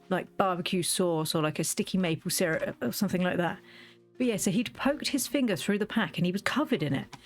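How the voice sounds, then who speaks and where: A woman, chatting casually while she plays a game and tells stories in a lively way. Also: fairly low pitch. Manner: chatty storytelling, lively quoted asides. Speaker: gaming video creator. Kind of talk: casual chat while playing.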